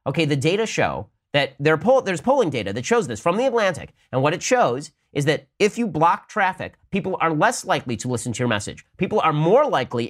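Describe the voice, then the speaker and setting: A young adult man hosting a political commentary show, arguing rapidly and firing rhetorical questions as he answers listener mail. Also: fairly high pitch. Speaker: host.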